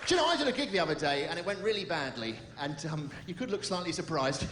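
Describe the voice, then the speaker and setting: Comedian firing off deadpan puns. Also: male voice, fairly high pitch, echoey room, heavy background noise. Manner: rapid deadpan one-liners and puns. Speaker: stand-up comedian. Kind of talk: stand-up comedy set. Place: theater stage.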